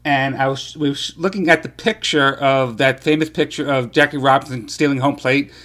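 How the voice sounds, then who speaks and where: A man's voice: medium pitch, normal speed. A middle-aged man hosting a radio talk show, reminiscing casually about a visit with his son. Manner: relaxed, reminiscing with short affirmations. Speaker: radio host.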